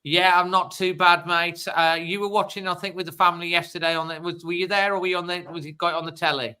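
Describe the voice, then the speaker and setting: A fairly high-pitched man hosts a fan phone-in with a bright, forceful tone. His voice is smooth and crisp. He talks in an upbeat, rambling way and strings his questions together loosely. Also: flat delivery, quick pace, poor audio. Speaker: host of a fan phone-in show. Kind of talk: casual podcast hosting.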